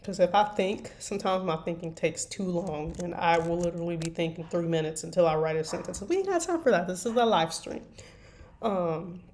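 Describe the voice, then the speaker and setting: A woman with a slightly low voice talks loosely to her stream viewers as she works on her writing. She rambles and jokes at her own expense. Soft keyboard clicks tap away behind her. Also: fairly even intonation, moderate pace, a little hiss or hum. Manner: rambling, self-deprecating, chatting to viewers. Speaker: fanfiction writer live-streaming. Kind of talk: casual live-stream chat while writing. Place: at a computer desk. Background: faint keyboard typing and clicks.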